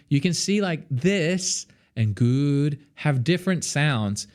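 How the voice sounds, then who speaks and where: A man's voice: on the high side, lively intonation, takes it slowly, a little mellow. Casual Australian male vocal coach, young, talks off the cuff with lots of fillers. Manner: chatty, lots of fillers, sings demonstrations.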